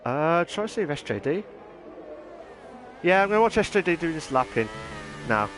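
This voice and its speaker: A man's voice: a little high, big pitch swings, moderate pace, long pauses, noisy background. A man giving chatty live commentary on an online racing league, naming drivers and addressing viewers. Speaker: race commentator.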